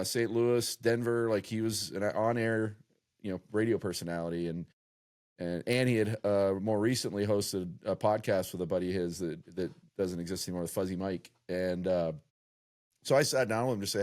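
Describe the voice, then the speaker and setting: Guy co-hosting a podcast, kinda low voice, rambles and restarts a lot. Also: steady tone, moderate pace, darkish tone. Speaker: podcast co-host. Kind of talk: casual chat.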